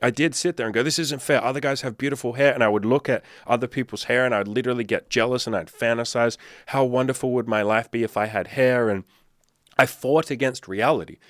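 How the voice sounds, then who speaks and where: A man's voice: mid-range voice, fairly quick, dry recording, studio quality. Blunt, swearing man coaching on dating. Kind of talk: casual commentary to camera.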